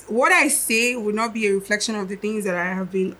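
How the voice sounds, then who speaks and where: A woman's voice: medium pitch, a little fast, sharp tone, poor audio. A young adult woman, a musician and guest on a podcast, talking in a reflective, casual way and thinking aloud as she goes.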